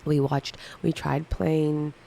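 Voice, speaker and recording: A woman's voice: low-pitched, level tone, takes it slowly, vocal fry, warm tone, slight background noise, rough recording. A woman in her thirties chatting casually on a livestream, candidly answering viewer questions one by one. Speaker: livestream co-host.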